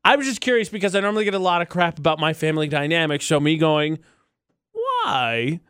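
Animated, teasing male radio co-host. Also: fairly high pitch, fairly quick, smooth, no room sound, studio quality. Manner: playful, teasing, argumentative. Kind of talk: casual morning radio banter. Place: radio studio.

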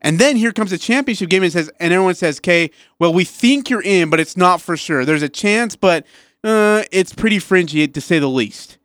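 A man co-hosting a sports radio show, talking excitedly in casual chat with many restarts and asides. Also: sits high, normal speed, no room sound, clean studio sound.

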